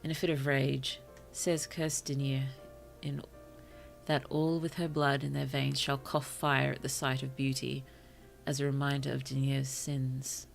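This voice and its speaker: A woman streamer reading short stories aloud to her chat, slow and careful, with apologetic asides between passages. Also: a bass voice, level tone, vocal fry, soft background music. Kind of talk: story reading on a livestream.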